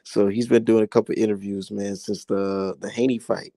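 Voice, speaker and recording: A young man hosting his own boxing commentary, talking casually in a heated, profane rant that climbs high when he gets worked up. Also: flat delivery, moderate pace, dark tone, dry recording.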